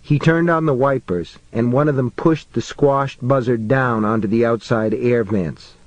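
Slow, dry-voiced male audiobook narrator. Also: mid-range voice, no room sound, muffled recording. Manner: measured, tense storytelling.

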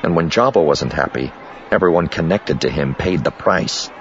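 A man reading scripted narration for an audiobook in a steady, measured way. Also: very deep voice, dull audio, a little hiss or hum.

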